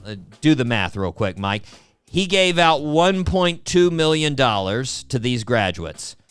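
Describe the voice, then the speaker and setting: Guy hosting a podcast, sarcastic, voice jumps all over, smooth and clear. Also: medium pitch, sing-song, measured pace, fairly bright tone, dry recording. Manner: wry, sarcastic, keeps addressing his co-host. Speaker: podcast host. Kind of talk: casual chat.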